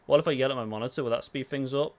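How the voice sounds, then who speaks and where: A young man talking casually on a game livestream, answering viewer questions as he plays. His voice sits at an ordinary middle pitch, and he swears freely in a relaxed way. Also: racing. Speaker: gaming livestreamer.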